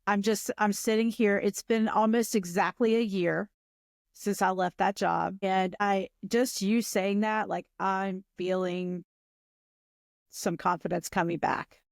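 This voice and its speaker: A woman's voice: medium pitch, fairly even intonation, a little slow, gravelly, no room sound, clean studio sound. A woman being coached, speaking earnestly and reflectively. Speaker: coaching client. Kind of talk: coaching session.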